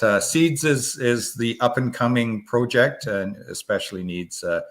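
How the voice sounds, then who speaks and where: A man appearing as a guest on a livestream video call, speaking calmly and politely. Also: sits low. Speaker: guest, charity founder. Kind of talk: casual interview.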